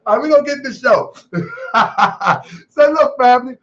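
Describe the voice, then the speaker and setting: Male streaming host, high voice, loose slangy delivery, dull lo-fi audio. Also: expressive, measured pace, fairly bright tone. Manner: playful, laughs often, street slang. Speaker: host of an online talk show. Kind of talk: casual live-stream talk.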